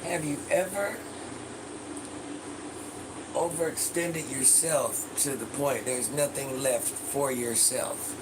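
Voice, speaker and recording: Sassy man chatting over a loud hum. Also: mid-range voice, slow pace, pauses often. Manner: sassy, calls viewers baby, scolds and repeats itself. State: stuffy from allergies. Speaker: live streamer reading viewer comments. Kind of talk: casual live-stream chat. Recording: loud background noise, air conditioner hum.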